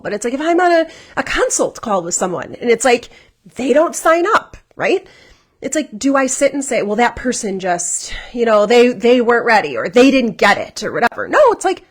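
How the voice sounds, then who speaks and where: Woman coach talking thru a workshop, kinda husky, higher voice, earnest, lots of "like" and "right?". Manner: earnest, encouraging, many "right?" and "like" fillers. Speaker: life coach.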